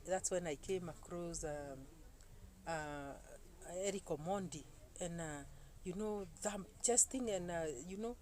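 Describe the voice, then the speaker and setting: A woman, telling a story to camera in an animated way, full of exclamations. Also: fairly low pitch, slight background noise, poor audio. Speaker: YouTuber. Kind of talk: casual talk to camera. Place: indoors, seated. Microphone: phone camera.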